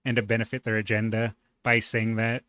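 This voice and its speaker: A man's voice: on the low side, monotone, fairly quick, bright, forceful tone, clear, resonant tone, no echo, studio quality. A man hosting a reaction video, commenting casually with sarcasm and indignant rhetorical questions.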